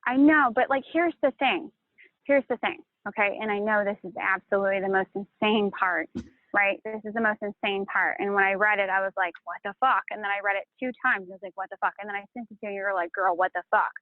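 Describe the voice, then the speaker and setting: A woman's voice: medium pitch, steady tone, fast talker, dry recording. A woman talking emotionally and casually, swearing and rambling about a painful breakup. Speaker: channel host. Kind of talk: emotional confessional chat. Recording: tinny phone-like line, dry.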